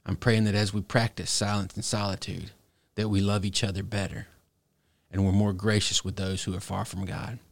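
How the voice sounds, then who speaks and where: A pastor delivers an earnest, exhorting sermon in a lowish male voice. He leans into key phrases slowly and deliberately. The sound is dry and close, with no room around it. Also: little pitch movement, gravelly, dry recording.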